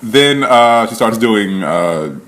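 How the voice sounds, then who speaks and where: A man's voice: fairly low pitch, lively intonation, slow pace, fairly bright tone. A man giving a casual spoken recap, chatty and laughing often, with loose swearing and plenty of "like". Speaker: reality show recap vlogger.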